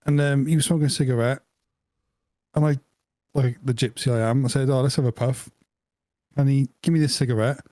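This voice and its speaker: A man's voice: mid-range voice, steady tone, brisk, long pauses, mellow, no room sound. A man co-hosting a podcast, telling a rambling anecdote with laughter and acted-out quotes in casual chat. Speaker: podcast co-host.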